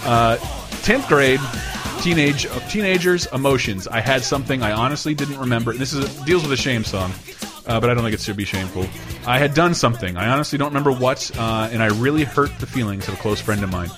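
A man in his twenties from Georgia tells stories in a casual, joking podcast chat. His voice sits at a middle pitch, and music plays clearly behind him throughout. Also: fast. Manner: joking, storytelling, laughs often.

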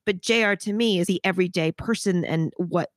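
A woman's voice: fairly low pitch, fairly quick, dry recording. A woman hosting a podcast, talking frankly and reflectively in long runs, cursing casually. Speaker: podcast host. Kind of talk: casual interview chat.

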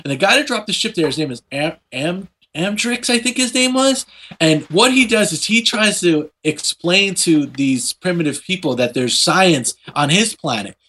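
A man casually retelling a comic book plot in a profane, animated way, slipping into quick voices for the characters. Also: high voice, breathy edge.

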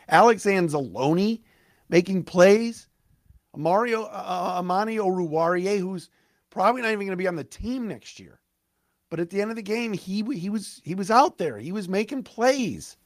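A man's voice: high-pitched, dry recording, clean studio sound. Fired-up male sports podcaster, voice cracking. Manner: fired-up, rapid, stumbling restarts. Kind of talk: excited sports podcast rant.

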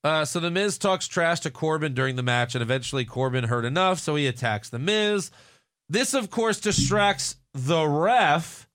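A man's voice: on the high side, expressive, fairly quick, fairly bright tone. A man hosting a casual podcast chat, recapping events with sarcastic, jokey asides. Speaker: podcast host recapping wrestling.

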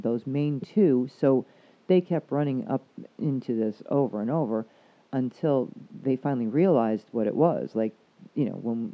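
A man working as a counselor, talking casually and frankly, swearing freely as he explains things. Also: mid-range voice. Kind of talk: casual chat. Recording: dull lo-fi recording.

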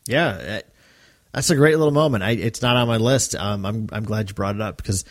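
A man co-hosting a podcast in casual chat, talking animatedly and breaking into quick quoted lines. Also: on the low side. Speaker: podcast co-host.

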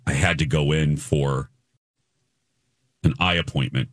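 A man in his forties hosting a radio show, telling a self-deprecating story in an animated way. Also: extremely low pitch, a little slow, no room sound, clean studio sound. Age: 40s. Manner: animated, self-deprecating, mimics people he meets. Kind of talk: casual morning-show storytelling. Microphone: studio microphone.

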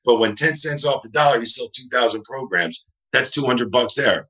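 A middle-aged man from New Jersey, a guest telling animated, rambling stories in a casual interview. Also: mid-range voice, moderate pace, poor audio. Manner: rambling, animated, acts out quoted dialogue.

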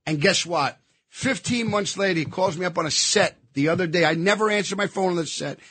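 A man talks with a lot of emphasis in a casual interview, often circling back over the same words. His voice sits a bit high for a man. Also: fairly quick, pushed and bright, breathy edge, no room sound. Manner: emphatic, repetitive storyteller. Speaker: actor and guest.

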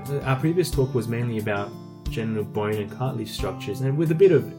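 A man's voice: medium pitch, animated, quick pace, over music. A young man in his twenties, a medical student co-hosting a podcast, explaining in a casual way with ums and self-corrections. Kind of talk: casual educational chat.

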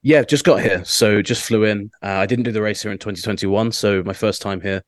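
Fast-talking deep-voiced Englishman. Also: fairly even intonation, no echo, clean studio sound. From England. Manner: chatty, rambling with fillers and restarts. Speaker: motorsport journalist, co-host. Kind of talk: casual chat. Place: hotel room on location.

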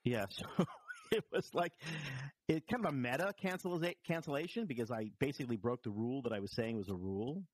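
A man's voice: mid-range voice, lively intonation, fast. Guy rambling through a story on a podcast, voice jumps all over, dry humor. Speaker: podcast co-host and commentator. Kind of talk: casual chat with anecdote.

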